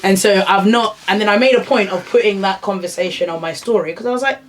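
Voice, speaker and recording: A woman's voice: medium pitch, quick pace, slight background noise. Chatty woman podcast co-host. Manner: chatty storyteller, frequent "yeah" and "like" fillers. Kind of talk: casual chat.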